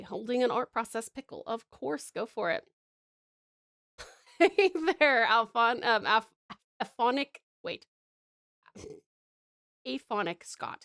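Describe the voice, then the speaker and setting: A woman's voice: a little high, fairly bright tone, dry recording, studio quality. A woman in her thirties, a streamer chatting with viewers while she draws, rambling and giggling with lots of fillers. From Tasmania, Australia. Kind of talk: casual chat with viewers while drawing.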